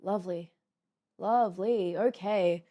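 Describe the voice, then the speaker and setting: A woman's voice: mid-range voice, takes it slowly, dark tone. A woman voice coach giving a casual reaction commentary. She is friendly and explains vocal technique in analytical detail.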